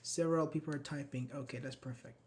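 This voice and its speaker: A man's voice: a little high, steady tone, quick pace, darkish tone, slight background noise. A man with a slightly raised voice teaches a live online English grammar class. He reads students' chat answers aloud and praises them. He sounds patient and encouraging, speaking into a computer mic.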